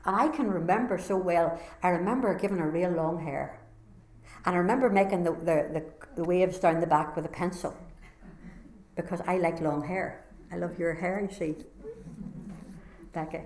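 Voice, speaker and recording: A woman's voice: lowish voice, normal speed, a little mellow. A woman with a Northern Irish accent giving an earnest, heartfelt personal testimony as a conference speaker. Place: conference hall. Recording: echoey hall sound.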